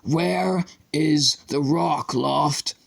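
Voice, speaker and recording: A man voicing a manic, violent male chemistry teacher who rants and shouts desperately. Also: on the high side, very slow, creaky, breathy edge, pitched above the performer's own voice, full character voice. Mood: menacing.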